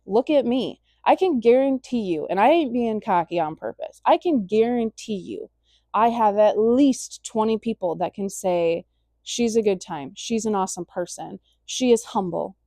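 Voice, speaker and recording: A woman's voice: medium pitch, lively intonation, moderate pace, warm tone, no echo, studio quality. Blunt, swearing young woman ranting. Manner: blunt, heavy swearing, emphatic. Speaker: vlogger. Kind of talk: casual rant to camera.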